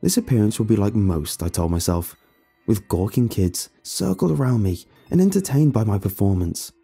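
Gravelly low-voiced male story narrator. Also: expressive, dark tone, soft background music. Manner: measured, storytelling delivery. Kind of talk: scripted first-person horror narration.

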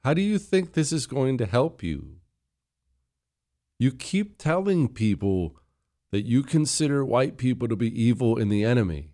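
A man's voice: mid-range voice, very animated, normal speed, mellow. A man giving political opinion commentary in a sarcastic, scornful way, hammering points through repetition.

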